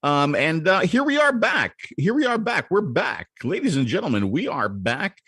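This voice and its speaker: A man's voice: fairly high pitch, sing-song, normal speed, pushed and bright, breathy edge, dry recording. A man co-hosting a casual live-stream show, teasing his partner in playful banter. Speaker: co-host.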